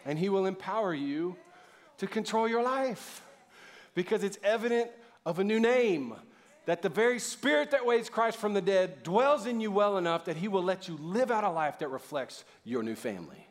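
A middle-aged male pastor preaching a sermon in a lively, conversational way, calling on the audience to respond. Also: high-pitched, normal speed. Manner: casual, conversational asides.

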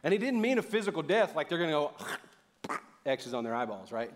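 A middle-aged male pastor preaching a sermon in a lively, conversational way, calling on the audience to respond. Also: fairly high pitch, fairly quick, a little hiss or hum. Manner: casual, conversational asides.

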